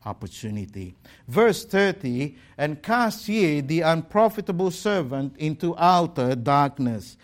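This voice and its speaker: A pastor preaching a sermon, exhorting the congregation with pointed rhetorical questions. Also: male voice, fairly high pitch. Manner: exhorting, rhetorical questions, slow deliberate delivery.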